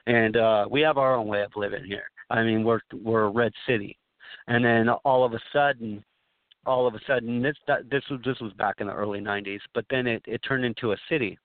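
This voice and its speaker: A man from Southern California comes through a thin, tinny phone line with a dry, close sound. His voice sits at an ordinary middle pitch. He rambles and stresses his points, often restarting his sentences. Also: steady tone, a little fast, no room sound. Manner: rambling, emphatic storytelling with many restarts. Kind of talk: talk radio conversation.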